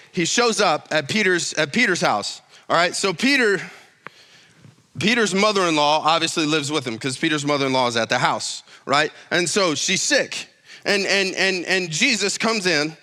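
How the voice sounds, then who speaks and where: Guy preaching casual sermon, bright voice, kinda high, gets really animated. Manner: conversational and animated, tells stories, rises high when excited. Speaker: pastor. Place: church.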